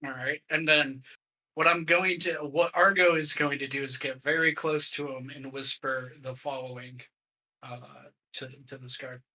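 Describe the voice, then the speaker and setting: A man's voice: medium pitch, steady tone, normal speed, sharp tone, low-quality recording. A man playing a tabletop game, asking questions and laughing. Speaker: player. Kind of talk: casual tabletop game play.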